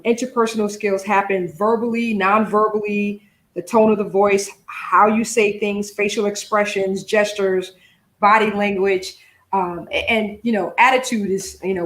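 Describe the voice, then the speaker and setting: A woman's voice: medium pitch, roomy sound. A woman hosting a podcast interview, chatting casually with plenty of fillers and restarts. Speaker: podcast host.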